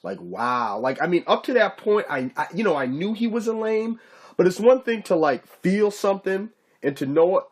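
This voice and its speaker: Guy ranting on his channel, cussing a lot, kinda high voice for a dude, keeps going "you know what i'm saying". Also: big pitch swings, normal speed. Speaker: YouTube commentator. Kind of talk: casual ranting commentary.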